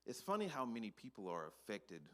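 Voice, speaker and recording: A man's voice: mid-range voice, sing-song, fairly quick, fairly bright tone. A man preaching a short sermon in a conversational, earnest manner, peppered with "you know". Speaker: speaker, preacher.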